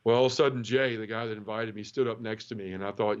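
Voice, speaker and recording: As an interview guest, a man tells his conversion story in casual storytelling, frank, emotional, and animated, acting out quoted dialogue. His lowish voice is clean in tone and quick-paced, though the audio is dull.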